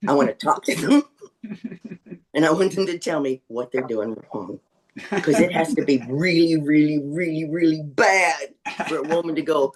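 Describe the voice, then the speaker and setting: A woman in her sixties telling stand-up stories on a video call, wry and deadpan with indignant asides. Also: deep voice, moderate pace, a crowd in the background. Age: 60s. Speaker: stand-up comedian. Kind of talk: stand-up storytelling.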